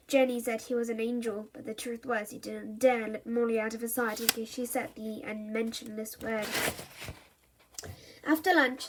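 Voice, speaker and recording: A woman reads a children's storybook aloud for her channel. Her voice is high, and she reads it lively, with the odd slip and restart. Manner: lively read-aloud, with small slips and restarts. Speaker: storybook reader. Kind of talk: reading a children's book aloud.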